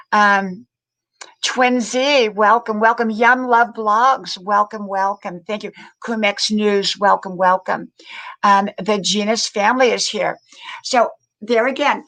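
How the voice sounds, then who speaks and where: Older woman, live-stream host, casual chat, greets viewers by name, repeats words, middle pitch. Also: fairly bright tone, rough recording. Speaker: livestream host.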